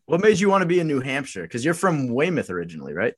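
A man hosting a podcast, asking quick follow-up questions and reacting briefly. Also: mid-range voice, big pitch swings. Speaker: podcast host. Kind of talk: casual interview.

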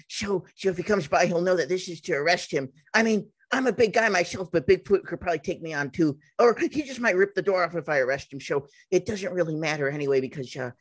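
A man voicing an earnest, nerdy adult man who calls himself a Bigfoot cop, rambling and dead serious. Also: sits high.

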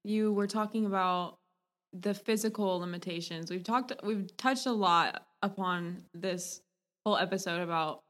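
A woman hosting a podcast interview, relaxed and chatty, sometimes trailing off as she searches for words. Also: medium pitch, normal speed. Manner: relaxed, chatty, laughs easily, loses her words. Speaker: podcast host. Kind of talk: casual interview questions.

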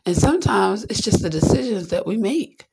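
Speaking at normal speed in an expressive, medium-pitched voice with vocal fry, a podcast host rambles candidly through a casual monologue on spiritual topics. She often slips into little acted-out voices, and heavy background noise runs underneath.

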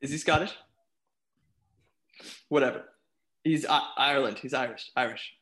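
A man chatting casually on a podcast, animated, often restarting his sentences and laughing. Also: mid-range voice, moderate pace. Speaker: panelist.

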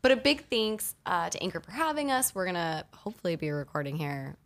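A woman's voice: fairly low pitch, a little fast. A woman hosting a podcast in a studio, chatting casually and upbeat, laughing often. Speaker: podcast host.

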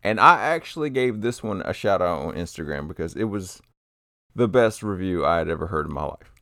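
A man co-hosts a podcast in a low, gravelly voice. He keeps it loose, swears casually and often trails off and restarts mid-thought. The sound is dry and close. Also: expressive, a little fast, pushed and bright, no echo. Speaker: podcast co-host.

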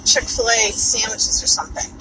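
A chatty woman with a New York accent talks from the driver's seat, and her voice sits a little higher than most. She rambles through her day with plenty of swearing and offhand asides. The steady rumble of the car and the road runs under everything she says. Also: moderate pace. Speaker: podcaster. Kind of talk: casual chat while driving. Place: inside a moving car. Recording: car road noise behind. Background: car and road noise.

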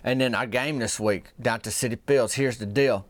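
A man's voice: mid-range voice, moderate pace, dry recording. A man telling a folksy comic story in a rambling, drawling small-town gossip manner. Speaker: comedic podcast host.

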